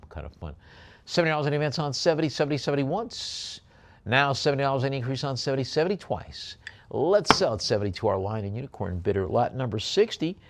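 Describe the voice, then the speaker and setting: A man working as an auctioneer, calling bids in a quick rhythmic patter and slipping into relaxed, joking asides about each lot. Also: medium pitch. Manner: rapid bid calls mixed with chatty asides and quips.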